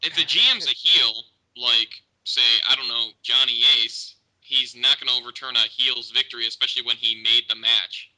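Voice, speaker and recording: Argumentative male co-host, mid-pitched, piercingly bright tone. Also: fairly even intonation, moderate pace, hardly any pauses, poor audio. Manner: teasing, argumentative, profane. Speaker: podcast co-host. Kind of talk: casual wrestling chat.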